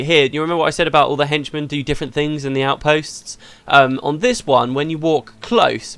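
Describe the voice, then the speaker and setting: A man's voice: medium pitch, fairly bright tone, smooth, no room sound. A man hosting a let's play, chatting casually through the game and laughing easily.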